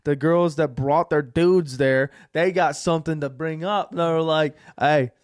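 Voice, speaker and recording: A young man on a podcast with a fairly high voice, recorded close and dry with no room sound. He talks casually and with plenty of swearing, his storytelling swinging between hushed, emotional stretches and loud outbursts. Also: fairly even intonation, normal speed, dry recording. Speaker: podcast co-host. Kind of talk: casual chat.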